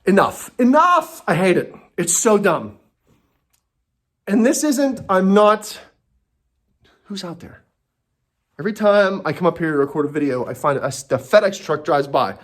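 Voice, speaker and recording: A man's voice: high-pitched, expressive, measured pace, pauses often. A man delivering an angry, profane and sarcastic comedy rant from home, talking to himself and breaking off mid-thought. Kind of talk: ranting comedy monologue.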